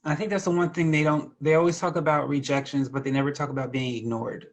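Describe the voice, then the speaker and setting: An interviewer asking calm, brief questions in a casual chat. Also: medium pitch, quick pace.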